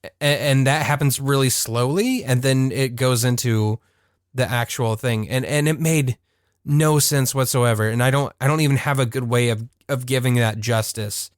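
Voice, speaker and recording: A man's voice: medium pitch, normal speed, no echo. A man co-hosting a podcast talks in a loose, rambling way and laughs often. His voice sits in the middle range for a man. The recording is dry, with no room sound. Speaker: podcast co-host. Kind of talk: casual chat reviewing a cartoon.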